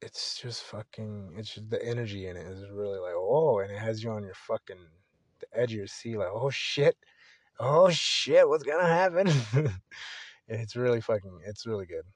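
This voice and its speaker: A man's voice: on the low side, fairly even intonation, brisk, a little mellow, no echo. A young man hosting a solo podcast, talking casually in a rambling, profane, laid-back way. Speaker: podcast host.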